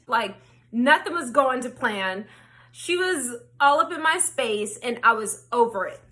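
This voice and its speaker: Une vloggeuse au timbre clair et éclatant, assez aiguë, raconte une histoire sur un ton animé. Elle jure librement et rejoue ses propres répliques avec entrain. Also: female voice, a little high, a little slow. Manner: animated, swears freely, acts out her own quotes. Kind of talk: storytime chat.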